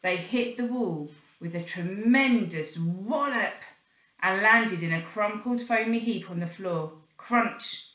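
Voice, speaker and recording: A woman reading a children's storybook aloud in an expressive, animated way, acting out the sound effects. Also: mid-range voice, measured pace, reverberant, poor audio.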